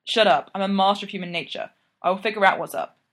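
A man's voice: high-pitched, fast talker, a bit bright. Woman reading as a blunt young college guy, firm and teasing. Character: tipsy young male college friend, blunt and protective.

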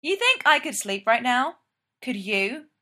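A woman voicing an excitable, cheeky young male engineer with a playful, upbeat way of talking. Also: a little high, a little slow, heavily acted.

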